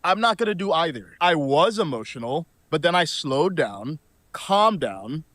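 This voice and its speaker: Guy reading his scripted commentary, calm and reasoned, slightly high voice, dry sound. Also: no room sound. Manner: measured, reasoned delivery.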